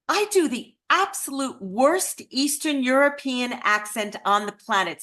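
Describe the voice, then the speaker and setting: A woman giving a personal storytelling talk at a remembrance event, expressive and lively. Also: mid-range voice.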